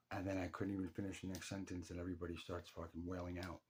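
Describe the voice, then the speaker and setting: A young man with a low, deep voice tells an intimate story straight to his late father. His delivery is raw and unguarded, and he swears freely. Faint clicking noises sit in the background. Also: little pitch movement, quick pace, few pauses, a little mellow, a little hiss or hum. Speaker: grieving son telling his story. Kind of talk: emotional personal monologue.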